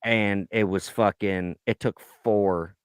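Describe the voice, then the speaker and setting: A man's voice: lowish voice, fairly even intonation, slow pace, smooth, no echo, studio quality. A man co-hosting a casual podcast from the United States, ranting with heavy swearing and mimicking people in his stories. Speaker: podcast co-host. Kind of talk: crude casual chat.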